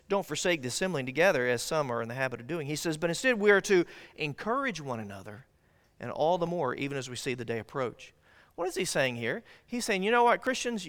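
Male pastor, sermon delivery, earnest with emphatic build-ups; bright, high-ish voice; long church-hall reverb. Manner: earnest preaching, rising emphatic on key lines. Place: church sanctuary.

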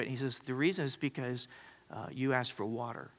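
A man's voice: medium pitch, fairly quick. A man preaching a sermon, telling stories and rising into emphatic quoted lines. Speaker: pastor. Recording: long hall reverb.

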